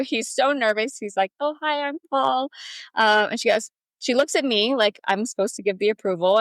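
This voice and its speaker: A woman's voice: mid-range voice, dry recording. A woman in her thirties, a podcast guest, telling a personal story in a chatty way with many fillers. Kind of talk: storytelling in a casual interview.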